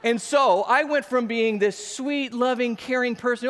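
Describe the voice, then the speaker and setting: A man in his thirties with a notably high voice delivers a sermon, spinning everyday stories with lively, self-mocking humor. His voice rings out with a long reverb, as if he is speaking in a large hall. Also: unhurried, few pauses. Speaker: pastor. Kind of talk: sermon with personal storytelling.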